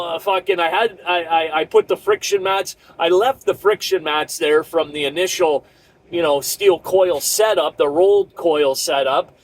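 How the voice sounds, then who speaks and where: A middle-aged male trucker with a fairly high voice rants about a rough day on the road. He swears constantly and rambles through restarts and asides as he vents about his load. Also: poor audio. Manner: profane, rambling, frustrated storytelling. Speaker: truck driver. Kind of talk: casual ranting vlog.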